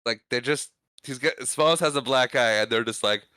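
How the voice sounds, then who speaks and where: A man's voice: medium pitch, normal speed, sharp tone, clear, resonant tone, dry recording. A man co-hosting a podcast, casually retelling a film's scenes and laughing often. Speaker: podcast co-host. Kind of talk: casual movie recap chat.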